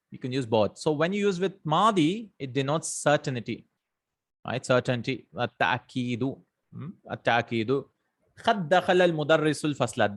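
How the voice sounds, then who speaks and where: A male teacher works through a grammar lesson at a patient pace. He reads out example sentences and translates each one. He keeps checking in with his listeners. His voice sits at an ordinary middle pitch for a man. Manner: explains patiently, often checks in with "right?" and "hmm?". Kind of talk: explanatory lesson.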